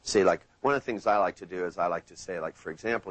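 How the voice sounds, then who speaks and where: A man running a live hypnosis seminar, playful and storytelling, sinking into a slow hypnotic tone when he demos trance suggestions. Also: deep voice, slightly rough, rough recording. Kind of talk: live seminar teaching with anecdotes. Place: seminar room with live audience.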